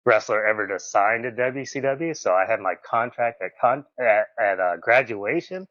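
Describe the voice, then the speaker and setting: A man, a podcast guest telling stories in a casual interview. He is animated, acts out quoted lines in a raised voice and laughs often. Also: fairly low pitch, moderate pace, no room sound. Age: 40s. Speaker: podcast guest, former wrestler. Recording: dull, slightly muffled audio.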